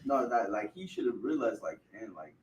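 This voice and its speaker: A man's voice: lowish voice, big pitch swings, normal speed, poor audio. A man in the class who chimes in casually from further away from the mic. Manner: casual, chiming in with agreement. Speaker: class member. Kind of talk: casual chat.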